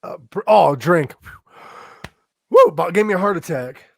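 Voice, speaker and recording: A man's voice: high-pitched, expressive, moderate pace, vocal fry, dry recording. A man co-hosting a podcast, chatting casually and joking, laughing often and swearing freely. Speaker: podcast co-host. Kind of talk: casual chat doing impressions.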